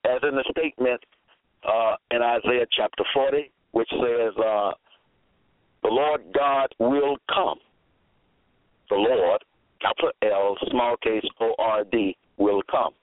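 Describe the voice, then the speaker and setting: Male preacher, unhurried and emphatic, heard over a thin phone-like line. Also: mid-range voice, no echo. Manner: deliberate, spells words out, repeats phrases for emphasis. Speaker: religious preacher. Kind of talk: slow scripture-quoting sermon monologue. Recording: tinny phone-line audio, dry.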